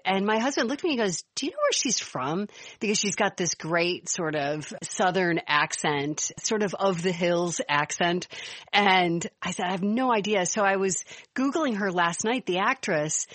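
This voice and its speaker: A middle-aged woman co-hosting a podcast, telling stories in a lively, chatty way. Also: mid-range voice, a little slow, no echo. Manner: warm, animated storyteller, laughs easily. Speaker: podcast co-host. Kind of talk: casual chat.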